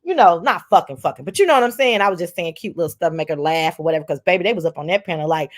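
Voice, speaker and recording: A woman hosting a casual chat show, loud and profane, acting out the people she quotes. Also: fairly low pitch, racing, few pauses. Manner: loud, profane and animated, acts out quoted voices. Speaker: host.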